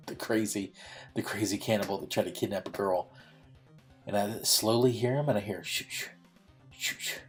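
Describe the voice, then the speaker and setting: A young man telling a long story while playing a game, rambling with lots of fillers and frequent laughs. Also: fairly low pitch. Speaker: gaming YouTuber.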